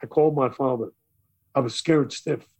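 A man's voice: mid-range voice, moderate pace. An older man, a radio DJ telling stories in an interview and acting out the voices of the people in them. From Brooklyn, New York. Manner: lively storyteller acting out quoted voices. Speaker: radio DJ guest. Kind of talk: storytelling interview.

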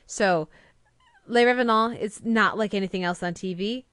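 A woman's voice: mid-range voice, normal speed, a bit bright, smooth, dry recording, clean studio sound. A young woman co-hosting a casual podcast, chatting enthusiastically about TV episodes with frequent fillers and restarts. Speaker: podcast co-host reviewing TV.

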